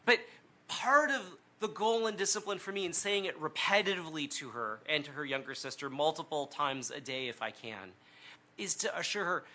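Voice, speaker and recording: A middle-aged man giving an earnest, conversational sermon talk, often pausing with "um" and "right?". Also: fairly high pitch, expressive, pushed and bright. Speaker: speaker on prayer.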